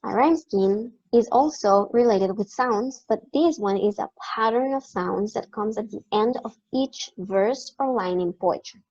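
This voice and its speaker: A woman teacher giving a recorded online lecture, explaining step by step and repeating key words slowly. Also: medium pitch, a little mellow. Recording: dull lo-fi recording.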